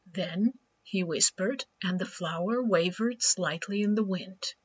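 A woman reads a gentle short story aloud, taking her time over every line. Her voice is breathy, and the recording sounds dull and lo-fi. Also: mid-range voice, expressive, measured pace, few pauses. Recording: dull lo-fi audio.

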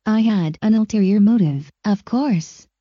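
A text-to-speech woman's voice reading a short first-person story in an even, measured way, lo-fi and dull. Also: mid-range voice, husky, dry recording.

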